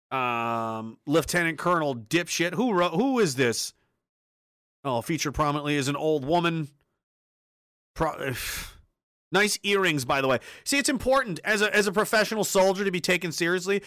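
Profane, sarcastic ranting man, bright voice. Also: sits high, no room sound, studio quality. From Canada. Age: adult, ex-soldier. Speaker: commentary host. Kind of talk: ranting political commentary.

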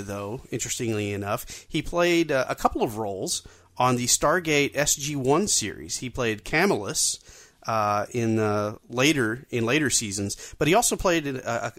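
Man, podcast host, casual chat, fillers and restarts, mid pitch, dry close sound. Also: a bit bright, no echo. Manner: conversational, with frequent fillers and restarts.

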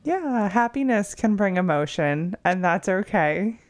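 A woman's voice: mid-range voice, lively intonation, unhurried. A woman interviewing a guest, asking brief, supportive questions.

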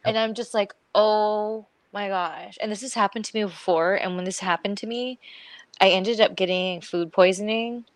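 A woman's voice: medium pitch, fairly quick, no room sound. A woman co-hosting a casual podcast who tells her stories with energy, slipping into the voices of the people she quotes and breaking into laughter. Her voice sits in a middle register. It is recorded close and dry. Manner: animated storytelling, acting out quotes, laughing often. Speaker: podcast co-host. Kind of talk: casual chat.

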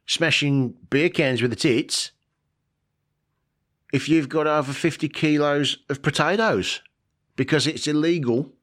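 A man's voice: medium pitch, fairly bright tone, pitched above the performer's own voice, close to an everyday voice. A man doing an exaggerated put-on voice of a brash, jokey Australian bloke.

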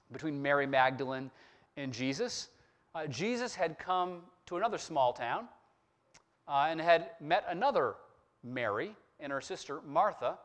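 A man preaching a sermon in a fairly high voice that swings widely in pitch. He slows down and leans on the words when he reads scripture, then returns to a plainer explaining tone. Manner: expressive preaching, slowing down on scripture quotes. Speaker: pastor.

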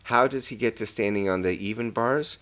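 A man recapping a film in casual comic banter, rambling and profane, swinging between loud bursts and low mutters. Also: fairly quick. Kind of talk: casual comedic movie recap.

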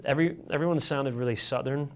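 A man from Michigan, USA, tells stories casually as an interview guest, rambling along with fillers and restarts. His voice is mid-range and his pace quick, with a little background noise behind him.

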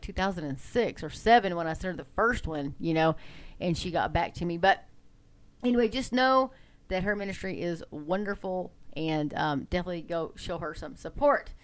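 A woman from Texas hosting an online ministry show. She talks in rambling casual commentary with many fillers and self-corrections, and her voice climbs high and loud when she gets emphatic. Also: clean tone.

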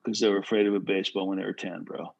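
A man who played pro baseball giving casual, animated advice to pitchers, full of "bro" and "right?". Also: very fast, vocal fry, lo-fi sound. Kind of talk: casual coaching talk.

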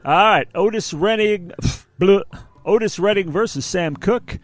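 A man's voice: sits high, measured pace, dry recording. A man co-hosting a music show in casual chat, rambling and self-deprecating, often restarting his sentences.

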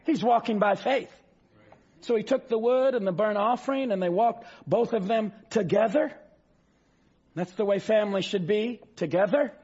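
High husky guy preaching hard, slow drawn-out scripture, bursts of shouting, muffled recording. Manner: fervent, rising to shouts, drawls scripture slowly. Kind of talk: sermon. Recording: dull lo-fi sound.

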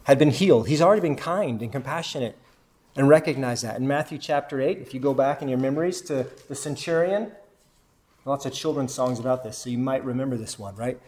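Brisk and darkish in tone, a mid-range male voice teaches a Bible lesson to a group. He reads aloud from scripture, questions the listeners, and restates their answers.

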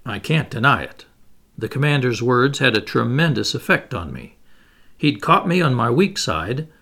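A man narrating a classic novel in the first person, with an expressive, reflective reading. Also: medium pitch, creaky. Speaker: audiobook narrator.

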